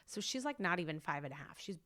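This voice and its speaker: A woman's voice: on the low side, expressive, fast, sharp tone. A woman in her thirties hosting a podcast, telling a story in casual chat with lots of "like" fillers. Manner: chatty storytelling, many "like" fillers. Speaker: podcast host.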